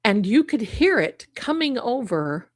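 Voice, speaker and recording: A middle-aged woman, telling a ghost story at home in a casual, animated way and acting out the voices she quotes. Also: a little high, a little slow, dry recording, studio quality. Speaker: psychic show host.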